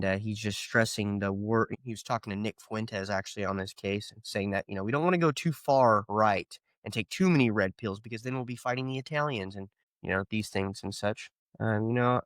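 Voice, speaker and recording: A man's voice: medium pitch, fairly bright tone, clean tone, dry recording. A man hosting a solo podcast, ranting with rhetorical questions and sarcastic asides. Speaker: podcast host.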